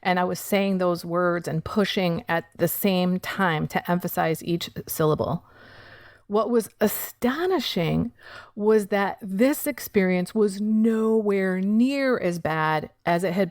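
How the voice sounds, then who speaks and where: Candid, low-voiced woman podcaster. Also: no room sound, clean studio sound. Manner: candid, frank, swears casually. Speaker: podcast host. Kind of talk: personal recovery storytelling.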